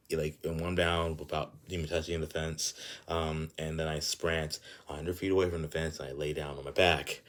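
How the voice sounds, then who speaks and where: A young man telling a personal story in a casual, animated way, full of fillers and swearing. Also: very deep voice. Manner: animated, filler-heavy, profane ranting.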